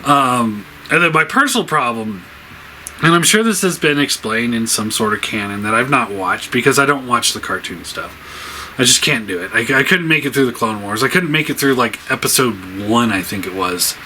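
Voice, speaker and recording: A man's voice: medium pitch, expressive, moderate pace, bright, forceful tone, slight background noise, low-quality recording. A man giving a casual spoken review, rambling with many fillers, laughing often, sounding exasperated.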